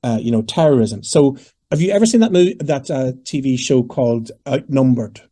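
A Northern Irish man in his fifties, a singer answering interview questions in a lively, storytelling way and acting out the voices of people he quotes. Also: medium pitch, brisk. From Northern Ireland. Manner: animated, digressive, acts out quoted voices. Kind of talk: conversational storytelling.

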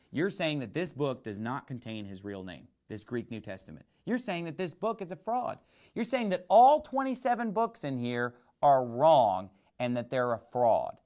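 Lively, emphatic man preaching a sermon. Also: on the high side. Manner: emphatic preaching with rhetorical questions. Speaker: pastor.

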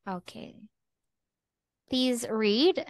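Woman teaching english online, high-ish and super clear, slow and encouraging. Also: lively intonation, dry recording. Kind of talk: online one-to-one English lesson.

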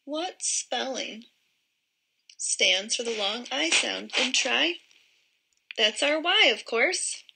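A woman teaching a phonics lesson to young children, modelling each word sound slowly and clearly. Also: on the high side, animated, sharp tone, low-quality recording.

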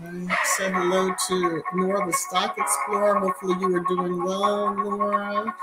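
A woman's voice: medium pitch, little pitch movement, normal speed, few pauses, over loud music, low-quality recording. A woman hosting a casual live stream, greeting viewers by name and chatting emphatically. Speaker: YouTube livestream host. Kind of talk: casual live-chat commentary.

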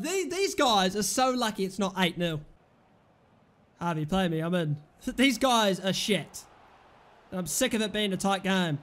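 Young male gamer, high bright voice, excitable live gameplay commentary with angry outbursts. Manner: excitable, frustrated outbursts and shouting at players. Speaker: gaming commentator.

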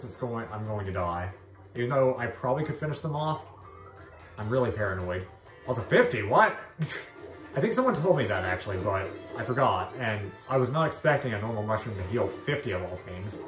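A man's voice: mid-range voice, very animated, moderate pace, echoey room, soft background music. A man giving casual gameplay commentary, giggling and making fun of his own skills. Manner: giggly, self-deprecating chatter. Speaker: let's play host.

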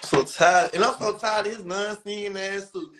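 Young man, high-pitched, profane comedic rant with over-the-top mocking bits. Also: fairly even intonation, moderate pace, background noise. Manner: profane, exaggerated ranting, mocking falsetto impressions.

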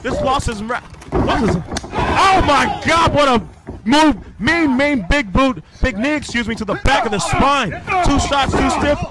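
A man with a strikingly high voice calls a wrestling match blow by blow. He is excitable and bursts into shouted exclamations. Loud background noise runs under the whole recording. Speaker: wrestling commentator. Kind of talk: live play-by-play commentary.

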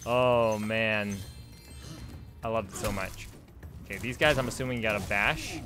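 A man giving casual, rambling commentary while playing a video game, chatty and quick to laugh. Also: on the low side, over music. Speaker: let's play host.

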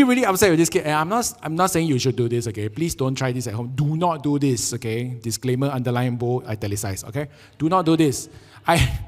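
A man preaching a sermon with a Singaporean English accent, telling jokey, animated stories and acting out quotes. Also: fairly high pitch, long reverb tail. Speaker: pastor. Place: church sanctuary.

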